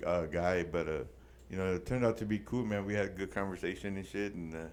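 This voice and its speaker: A man's voice: sits low, fast talker, a little mellow, slight background noise. A man co-hosting a casual podcast, telling a long story with plenty of slang and curse words, dropping Spanish words in. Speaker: podcast co-host.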